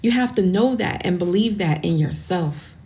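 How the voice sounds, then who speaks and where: A woman's voice: fairly low pitch, animated, normal speed, dark tone, slight background noise. A woman in her forties hosting a motivational podcast, talking to listeners in an earnest, encouraging way and sounding close to tears. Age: 40s. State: tearful, emotional. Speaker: podcast host.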